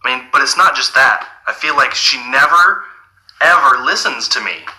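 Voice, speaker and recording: A man playing an earnest, bright-voiced bird lover. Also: mid-range voice, lively intonation, moderate pace, poor audio. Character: angry adult man who loves birds, seeking therapy. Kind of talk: comedy sketch acting.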